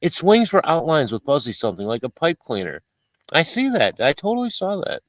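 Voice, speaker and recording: A man's voice: a little high, sing-song, a little fast, no echo. A man hosting a casual livestream, chatting in a rambling, playful, mock-fussy way as he reads viewer comments. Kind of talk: casual live-stream chat. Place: home, outdoors at night.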